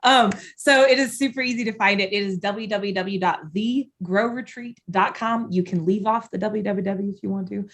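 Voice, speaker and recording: Woman guest, 30s, passionate and driven, mid-range voice, conversational podcast delivery. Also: mid-range voice. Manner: passionate, impassioned, rapid. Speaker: podcast guest, event founder. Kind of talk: casual interview chat.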